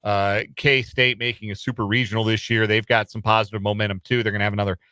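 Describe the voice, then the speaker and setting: Bright-voiced rambling sports radio host. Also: male voice, on the low side, little pitch movement, quick pace, clear, resonant tone, no room sound. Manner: rambling, self-deprecating, many fillers. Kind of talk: casual sports talk radio. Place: radio studio. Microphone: studio microphone.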